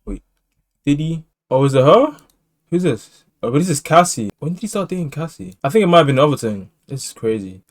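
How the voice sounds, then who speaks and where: Excitable co-streamer, middle pitch, jumps in with shocked reactions. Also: a little fast. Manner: excitable, interrupting reactions and exclamations. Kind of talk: casual reaction chat.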